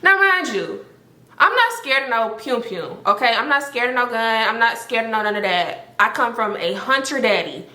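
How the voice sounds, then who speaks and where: Bright-voiced woman telling a storytime vlog. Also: a little high, moderate pace. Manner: animated, profane, full of "like" fillers. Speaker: storytime vlogger. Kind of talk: casual storytelling to camera. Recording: roomy echo.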